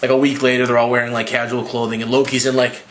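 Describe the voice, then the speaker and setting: A slightly drunk young man recapping a movie in a rambling, profane, excitable way. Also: medium pitch, fast, echoey room. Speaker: movie reviewer.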